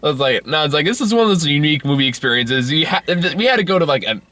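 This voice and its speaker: A man co-hosting a casual movie review who talks excitedly, laughs often and restarts his sentences. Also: on the high side, very fast, dry recording.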